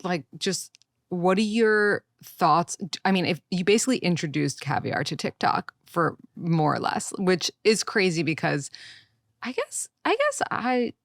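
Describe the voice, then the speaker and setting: Woman hosting a podcast, pretty low voice, dry mic, chatty questions. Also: very animated, a little slow, dry recording. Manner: conversational interviewer with brief reactions. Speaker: podcast host. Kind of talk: casual interview talk.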